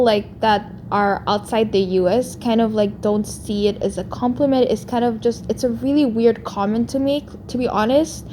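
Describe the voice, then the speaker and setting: Exasperated, a YouTuber with a non-American English accent fires back at another creator in a vlog rant, leaning hard on "like". Her voice is a little high and warm, with a slight hiss or hum present.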